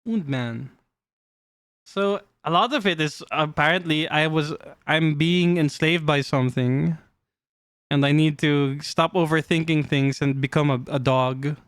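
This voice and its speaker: A man streaming live, chatting casually with his chat while showing cards, playful and quick to laugh. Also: on the high side, fairly even intonation, fairly bright tone, clear, resonant tone, dry recording, studio quality. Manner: playful, giggly, talks to chat. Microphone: desk mic.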